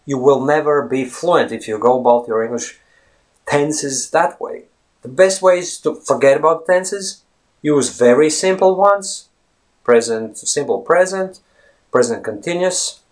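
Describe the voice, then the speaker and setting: A man's voice: fairly high pitch, expressive, measured pace. A man giving a casual English lesson, talking straight to viewers as friends and rephrasing his points as he goes. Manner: chatty, repeats and rephrases points. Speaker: English teacher. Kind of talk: casual teaching monologue.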